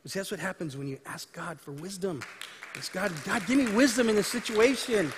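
A male pastor with a notably high voice preaches a sermon as if telling stories to friends, slipping into the voices of the people he describes. His voice rings out with a long reverb, as in a large hall. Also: expressive, quick pace, a bit bright, slight background noise. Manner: conversational storytelling preaching, acting out dialogue.

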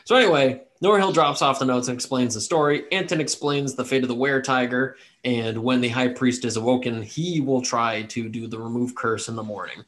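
A man narrating a tabletop game as game master, relaxed and joking. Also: medium pitch, a little fast, few pauses.

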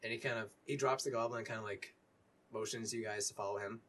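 A man narrating as game master in a tabletop game, talking casually and haltingly with many fillers. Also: fairly low pitch, fairly even intonation, a bit bright, a little hiss or hum.

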